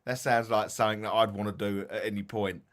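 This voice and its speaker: A man's voice: on the low side, little pitch movement, quick pace, a bit bright. A man with an Essex accent, co-hosting a ghost-hunting talk show, chatting casually, yawning and tired, stumbling as he reads notes aloud. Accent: Essex English. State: sleepy, yawning. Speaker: podcast co-host.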